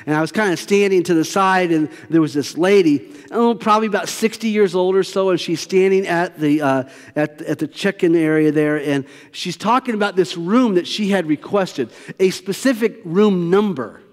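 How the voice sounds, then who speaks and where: A man's voice: sits high, normal speed, few pauses. A male pastor giving a conversational, emphatic sermon and telling a story to his congregation in a church sanctuary. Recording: long hall reverb.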